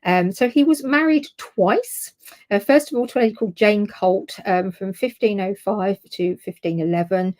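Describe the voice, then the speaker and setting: A woman's voice: mid-range voice, darkish tone. A woman co-hosting a history podcast, talking through her notes in a chatty, informal way and often correcting herself. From United Kingdom. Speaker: podcast co-host presenting the topic. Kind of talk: casual history podcast chat.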